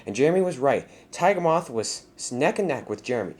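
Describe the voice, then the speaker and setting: A man's voice: mid-range voice, sing-song, a little fast, darkish tone, breathy edge. A man narrating a fan-made story in a plain storytelling way, with restarts.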